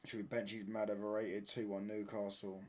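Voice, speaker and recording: A man's voice: on the low side, flat delivery, normal speed, darkish tone. A young man hosting a live football watch-along, teasing his chat with cheeky banter, laughing often and ending lines with mate or pal. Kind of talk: live casual chat over a match.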